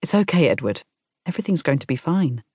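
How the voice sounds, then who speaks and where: A lively young woman, teasing and reassuring by turns, put on by a woman narrating a novel. Her lines ride higher than the narration and sound dry and close. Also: fast talker, breathy edge, no echo, exaggerated voice. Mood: playful.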